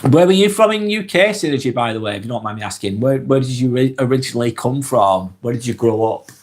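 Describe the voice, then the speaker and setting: A man from Lancashire with a Lancashire accent and a head cold. He talks in a middle-pitched voice that is run down and a little stuffy. His live-stream chat is relaxed and earnest, and he rambles with fillers and the odd sigh. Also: fast talker. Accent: Lancashire English. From Lancashire, England. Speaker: vlogger hosting a live stream. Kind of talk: casual live-stream chat, reading comments aloud.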